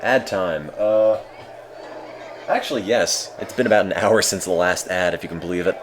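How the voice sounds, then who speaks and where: A man streaming a game with casual, deadpan, self-mocking commentary. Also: sits low, moderate pace, a little hiss or hum.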